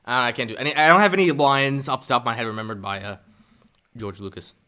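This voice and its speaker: A young man with a medium-pitched voice chats casually and fast on a live stream. He's animated and laughs often, stumbling and restarting his sentences.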